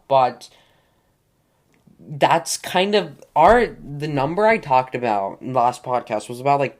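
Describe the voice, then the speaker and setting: A young man hosts his own podcast, talking casually and at length. He rambles, leans on fillers and stumbles over tricky names. His voice sits at an everyday middle pitch for a man. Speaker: podcast host. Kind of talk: casual solo podcast talk.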